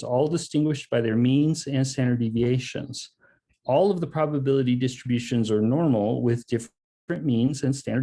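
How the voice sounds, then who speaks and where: A male math instructor gives a lecture over a video call. His voice is mellow and warm, and his pitch sits at an ordinary middle level. He talks casually and works through each idea step by step. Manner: casual, explains step by step with frequent "okay" and "um". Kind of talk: online lecture.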